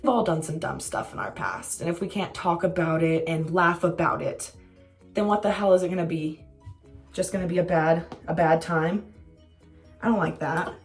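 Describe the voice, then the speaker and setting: Young woman vlogging a storytime, lowish voice, swears a lot, faint music behind. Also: normal speed. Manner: candid, swearing, self-mocking. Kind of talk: casual storytime.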